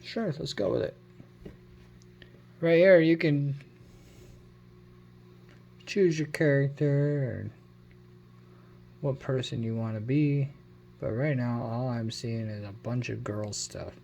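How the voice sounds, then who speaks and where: A man's voice: mid-range voice, steady tone, slow pace, vocal fry, long pauses, darkish tone, muffled recording. A man giving a casual phone review, rambling and correcting himself as he goes. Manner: rambling, self-correcting, unsure of his numbers. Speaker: tech vlogger.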